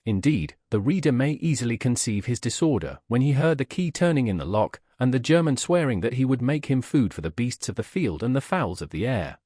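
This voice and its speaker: A man narrating a classic novel as an audiobook, in a measured, expressive storytelling manner. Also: mid-range voice, dry recording, studio quality.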